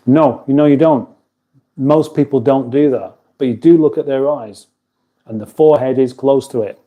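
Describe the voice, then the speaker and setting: This man hosts a relaxed livestream from his kitchen at home, wandering through loose chatter and reading viewer comments aloud. He chuckles often and interrupts his own sentences, speaking at a normal pace in a mid-range voice with narrow, tinny audio.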